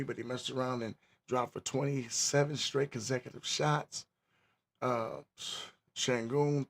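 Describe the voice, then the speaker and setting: Gravelly man hosting a casual podcast. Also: mid-range voice. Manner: laid-back, repeats phrases, slangy. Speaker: podcast host. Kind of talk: casual livestream chat. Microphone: mic turned up loud.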